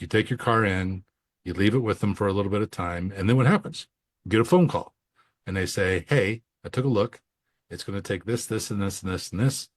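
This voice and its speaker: In a dry recording, a deep-voiced man chats casually on the accounting podcast he co-hosts. As an accounting coach, he tells lively stories and acts out conversations with clients on the phone.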